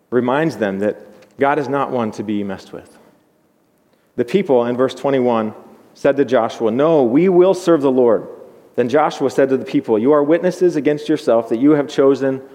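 A pastor giving an earnest, measured sermon, often repeating words as he thinks aloud. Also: medium pitch, warm tone. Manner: earnest, measured preaching with repetitions. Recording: long hall reverb.

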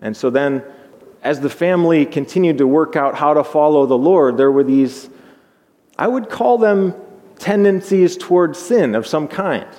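A pastor giving an earnest, measured sermon, often repeating words as he thinks aloud. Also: a little high, animated, warm tone. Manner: earnest, measured preaching with repetitions. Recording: long hall reverb.

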